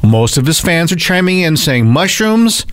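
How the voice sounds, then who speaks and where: A man's voice: on the high side, sing-song, moderate pace, a bit bright, clean tone, no room sound. A man co-hosting a radio morning show, chatting casually in a dry, teasing way. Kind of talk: casual chat. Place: radio studio.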